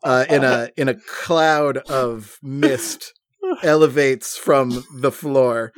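A man narrating a gamebook adventure as game master, unhurried, with hesitations and laughter. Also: medium pitch, fairly even intonation, dry recording, clean studio sound.

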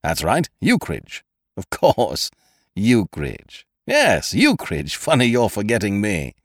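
A man's voice: on the low side, huge pitch swings, takes it slowly, slightly rough, no echo, clean studio sound, exaggerated voice. A man voicing a buoyant, chummy young male schemer in a story reading. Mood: hearty. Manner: hearty and chummy.

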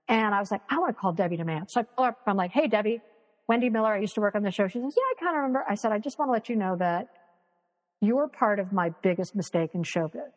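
A woman's voice: medium pitch, long reverb tail, rough recording. A woman guest on a video call, telling stories animatedly, acting out what people said, and swearing freely. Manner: animated, acts out quoted voices, swears freely. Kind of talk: casual interview storytelling.

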